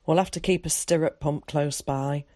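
A woman voicing a gruff, blunt older countryman in an audiobook, speaking in a clipped rustic dialect. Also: sits low, fairly even intonation, moderate pace, dark tone, no room sound, lightly acted. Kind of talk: audiobook character voice.

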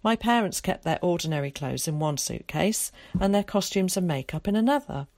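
A woman reading aloud, voicing an eager, theatrical schoolboy who loves to show off, in a lively, dramatic way. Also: on the low side, a little fast, no room sound.

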